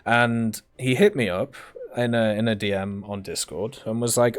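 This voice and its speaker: A man's voice: mid-range voice, normal speed, no room sound. A man answering viewer questions in a casual, rambling monologue with many fillers and restarts.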